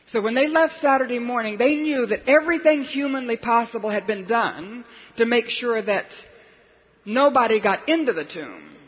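A man's voice: very high-pitched, expressive, normal speed, slightly rough. A male preacher telling stories in a sermon, dramatic and acting out the people he quotes. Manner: dramatic storyteller, acts out quotes. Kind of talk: sermon storytelling. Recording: dull lo-fi hall recording.

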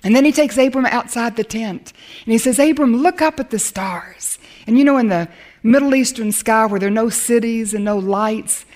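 A woman's voice: a little high, fairly quick. Earnest woman Bible teacher. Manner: earnest and emphatic, dropping to a hush at times. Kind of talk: sermon.

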